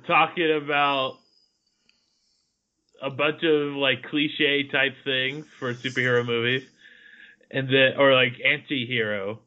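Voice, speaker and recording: A man co-hosting a casual podcast, talking in a hesitant, halting way with frequent laughter. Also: medium pitch, fairly even intonation, bright, forceful tone. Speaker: podcast co-host. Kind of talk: casual chat. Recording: dull lo-fi sound.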